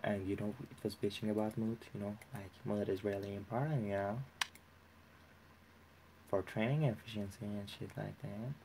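Young guy cursing and hyping himself up over a game, lowish voice, typing clacks in the background. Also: normal speed, a little hiss or hum, poor audio. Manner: profane, excitable, talks to himself. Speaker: let's play gamer. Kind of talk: casual gameplay commentary.

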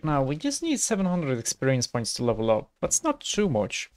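Low-key man rambling over gameplay. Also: wildly swooping pitch, normal speed. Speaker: let's play host. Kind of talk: casual gameplay commentary.

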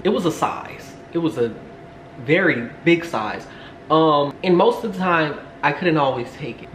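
A young man telling a rambling story to camera, full of fillers and asides. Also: fairly high pitch. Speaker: storytime vlogger. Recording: echoey room, faint background hum.

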